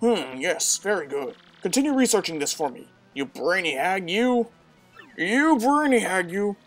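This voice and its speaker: A woman's voice: mid-range voice, big pitch swings, measured pace, soft background music. A woman voicing a blustering, hot-tempered male turtle king who growls and barks orders. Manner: growling, bossy, shouting.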